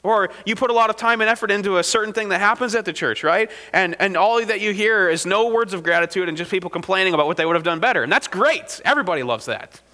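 Bright-voiced male preacher in a reverberant hall. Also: high-pitched, lively intonation, fast talker, hardly any pauses. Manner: conversational preaching, frequent "right?" asides. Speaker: pastor. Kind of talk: sermon.

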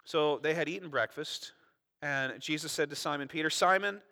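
A man's voice: a little high, normal speed. A man preaching a sermon, reading scripture expressively and explaining it in a conversational way with rhetorical questions and asides. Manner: expressive scripture reading, acting out quoted voices. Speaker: pastor.

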